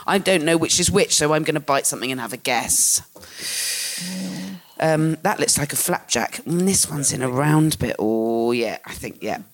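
A host tastes food and banters at an ordinary middle pitch. The host is playful and swears freely, with laughter breaking in often. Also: lively intonation, moderate pace. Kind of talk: casual chat.

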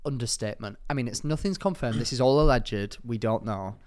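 A man's voice: mid-range voice, fairly quick, darkish tone. A young man co-hosting a podcast, telling jokey, rambling stories in casual chat and jumping between topics. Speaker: podcast co-host.

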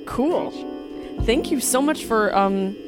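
A woman's voice: a little high, expressive, takes it slowly, loud music behind the voice. A woman hosting a podcast, giving earnest advice in casual chat with many fillers. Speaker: podcast host.

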